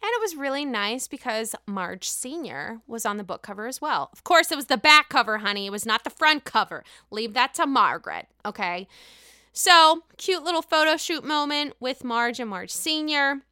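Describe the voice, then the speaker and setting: A woman giving a casual, profane reality show recap, chatty and excitable, calling the viewer honey. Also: high-pitched, moderate pace, no echo, studio quality. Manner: excitable outbursts.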